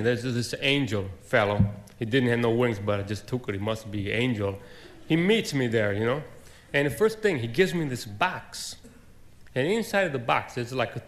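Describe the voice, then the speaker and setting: Rambling folksy man doing stand-up. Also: medium pitch. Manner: rambling folksy storytelling with fillers and plain grammar. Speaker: stand-up comedian. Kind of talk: stand-up comedy set.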